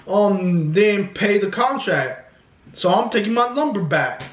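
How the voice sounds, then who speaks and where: A man's voice: high voice, animated, measured pace, voice pushed up. A man voicing a shifty, laid-back grown man who talks in a casual, coaxing way. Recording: echoey room.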